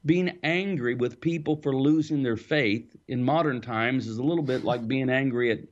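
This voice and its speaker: A man, an author being interviewed, explaining his ideas in a thoughtful, storytelling way with the odd soft laugh. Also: mid-range voice, moderate pace, dull audio. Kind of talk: reflective interview answers.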